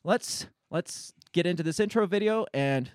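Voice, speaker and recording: Podcast host, male, slightly high voice, blunt and rambling, dry close sound. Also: animated, moderate pace, no room sound. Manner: rambling, blunt, swears casually. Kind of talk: casual political podcast chat.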